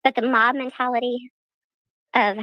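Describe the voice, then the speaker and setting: Raspy, sarcastic higher-voiced woman streamer. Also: fairly even intonation, normal speed, sharp tone, no echo, rough recording. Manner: indignant, sarcastic retelling. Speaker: streamer in a played clip. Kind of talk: casual livestream talk.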